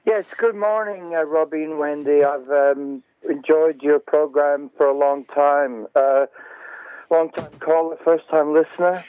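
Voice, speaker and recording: A man from Glasgow phoning in to a radio show, speaking slowly and politely. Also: fairly high pitch, fairly even intonation, clear, resonant tone, no room sound. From Glasgow, Scotland. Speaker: caller. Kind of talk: phone-in call. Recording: phone line.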